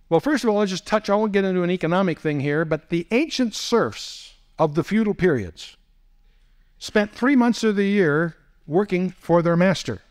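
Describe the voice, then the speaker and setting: A man's voice: a little high, clean tone. A man giving a teaching lecture as a Bible teacher, posing rhetorical questions and dropping wry asides. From United States.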